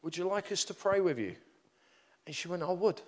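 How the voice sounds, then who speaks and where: A middle-aged preacher telling stories from the pulpit, his voice pitched a touch high and swooping all over. He rambles, restarts and pokes fun at himself as he goes. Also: fairly quick. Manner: animated, self-deprecating, rambling with restarts. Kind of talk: storytelling sermon.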